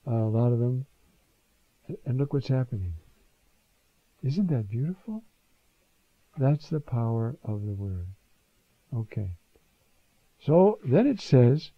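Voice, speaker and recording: A man's voice: mid-range voice, no echo. A man preaching as a priest, giving a conversational homily on scripture and often asking the listeners questions. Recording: dull dry lo-fi recording.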